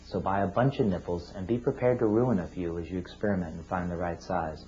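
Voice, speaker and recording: A man's voice: low voice, steady tone, brisk, dark tone. Dull-recorded man explaining baby feeding steps. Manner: patient, explanatory, plain-spoken. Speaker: cleft team clinician teaching parents. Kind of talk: instructional talk to parents. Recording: dull lo-fi video sound.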